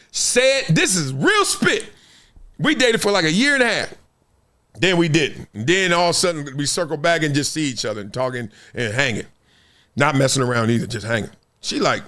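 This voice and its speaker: A man's voice: on the high side, a bit bright. A fifty-year-old man hosting a podcast, telling slangy stories, acting out the voices in them and laughing often. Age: 50s. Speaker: podcast host. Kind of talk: animated storytelling.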